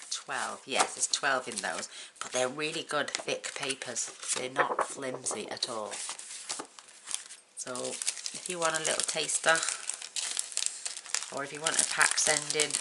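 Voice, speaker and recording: A very deep-voiced woman from the UK hosts a relaxed crafting tutorial, chatting and counting pieces aloud as she works. The recording has clear background noise from the home craft room. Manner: chatty, counts items aloud, talks while working. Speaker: craft channel host.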